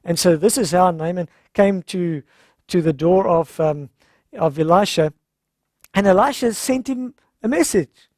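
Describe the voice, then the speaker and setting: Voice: mid-range voice, unhurried, a little mellow, dry recording, clean studio sound. A speaker gives a conversational Bible-story sermon at a health seminar, retelling scripture informally and acting out the characters' lines.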